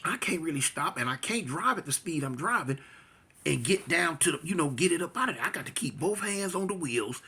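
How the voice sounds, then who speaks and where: A man telling a tense street story casually, animated and slangy, acting out the sounds himself. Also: fairly high pitch, a little fast, husky.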